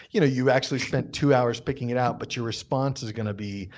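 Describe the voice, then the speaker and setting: A man co-hosting a casual podcast chat, explaining phrases patiently and repeating them slowly. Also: mid-range voice. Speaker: podcast co-host.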